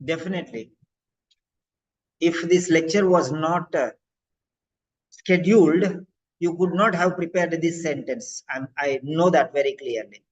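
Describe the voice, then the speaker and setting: Brief: upbeat male tutor grading student sentences, somewhat high voice, dull lo-fi audio. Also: a little slow, pauses often. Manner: encouraging, corrects and grades student sentences. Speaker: language teacher. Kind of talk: online exam-prep class.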